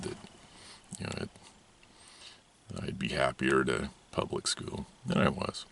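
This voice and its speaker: A man's voice: extremely low pitch, gravelly, fairly bright tone. A man telling a rambling personal story from his childhood, laughing often as he talks. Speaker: channel host.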